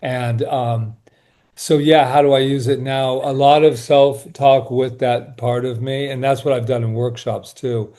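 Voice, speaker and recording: Male guest, reflective workshop leader type, warm mellow voice, earnest and soft. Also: mid-range voice. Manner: earnest, soft-spoken, often slowing and quieting. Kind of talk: reflective interview talk.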